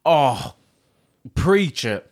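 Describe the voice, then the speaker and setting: Man, fairly high voice, quick and teasing, casual chat. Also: sing-song. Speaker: podcast co-host.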